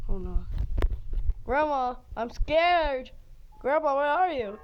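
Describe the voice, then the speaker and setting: A woman giving excited gameplay commentary, jumping between loud outbursts and hushed whispers. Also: high voice, takes it slowly, long pauses, dull audio, slight background noise. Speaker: game player.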